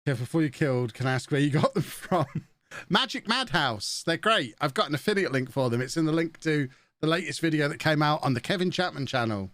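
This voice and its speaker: A man's voice: fairly high pitch, animated, fairly quick, a bit bright, dry recording. An English man casually chatting on a live stream, joking with people in the room and laughing often, with close desk-mic sound. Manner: jokey, laughs a lot, talks to the room and to the chat.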